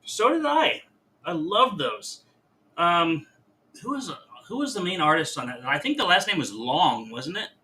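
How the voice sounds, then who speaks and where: Tired male guest artist, bright voice. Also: high voice, a little slow, slight background noise. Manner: relaxed, hesitant, many fillers. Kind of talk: casual chat while drawing.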